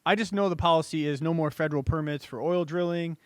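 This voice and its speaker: A man's voice: a little high, quick pace, clean tone, no room sound, clean studio sound. Irritated rambling male co-host. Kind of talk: casual show banter.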